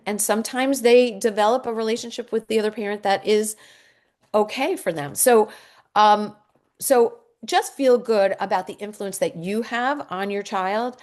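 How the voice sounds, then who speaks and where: A middle-aged woman, a divorce coach, giving a workshop talk and answering questions in an earnest, reassuring way, with many ums and restarts. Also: mid-range voice.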